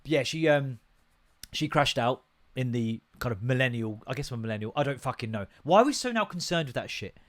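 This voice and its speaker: A man's voice: mid-range voice, lively intonation, a little fast, a bit bright. A British man in his thirties hosting a solo podcast, ranting and rambling with heavy swearing. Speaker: podcast host.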